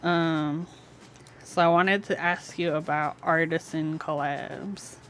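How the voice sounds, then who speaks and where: Slow-talking giggly young woman streamer. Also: low-pitched, fairly even intonation, a little hiss or hum. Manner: giggly, chatty, lots of "like". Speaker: streamer building a keyboard. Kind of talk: casual live-stream chat.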